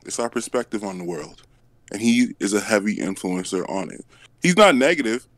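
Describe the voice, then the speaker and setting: A man speaks with a somewhat low voice in a casual online debate. His talk rambles, full of restarts and self-corrections, with a joking edge. The sound is dry and close. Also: moderate pace, no room sound. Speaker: debate panelist.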